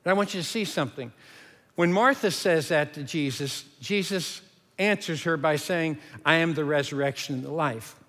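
A man preaching a sermon as pastor, earnest, and dropping to a hush for emphasis. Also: a little high, normal speed, long reverb tail.

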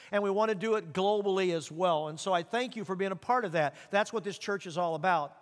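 A pastor with a high, light, slightly bright voice preaches an earnest sermon, slowing down to read scripture aloud and repeating things for emphasis. A long reverb carries his words through the church sanctuary.

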